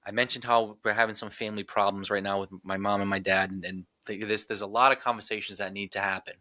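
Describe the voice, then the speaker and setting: Fast, bright-voiced man ranting. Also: on the low side, flat delivery, dry recording. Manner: rapid, emphatic ranting with frequent swearing. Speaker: podcast guest. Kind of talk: casual podcast chat.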